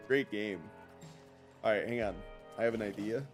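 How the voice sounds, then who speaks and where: A man with a lowish voice streams a game and talks to his chat in a loose, rambling way. He jokes as he plays. Faint music sits under his talk. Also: normal speed. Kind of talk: casual gameplay commentary.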